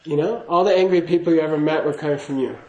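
A man's voice: on the high side, fast, a little mellow, reverberant, dull audio. A man giving a casual spoken teaching to a class, chatty and laughing, often checking in with "okay?". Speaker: Buddhist teacher.

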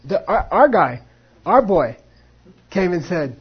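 A man's voice: sits high, big pitch swings, slow, slightly rough, highs cut off. A man teaching a class on monastic debate, acting out both sides and mixing in Tibetan phrases. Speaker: Buddhist philosophy teacher.

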